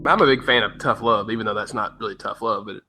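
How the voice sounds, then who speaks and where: A man's voice: on the low side, fast talker, over music. A man from Tennessee, a podcast co-host, telling stories and ranting in a casual chat, swearing freely.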